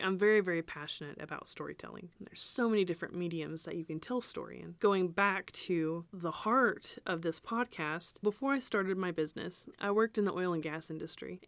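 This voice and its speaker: A woman's voice: fairly low pitch, no echo. A woman, hosting a podcast and telling stories in a rambling, chatty way with frequent laughs. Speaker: podcast host and business owner. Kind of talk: casual podcast storytelling.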